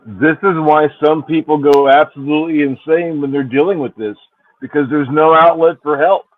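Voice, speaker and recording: Guy on a tinny phone-like line, slightly higher voice, fed up about nobody helping. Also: steady tone, moderate pace, dry recording. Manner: speaks plainly, voicing frustration about help for victims. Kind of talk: casual chat. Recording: tinny phone-like call audio.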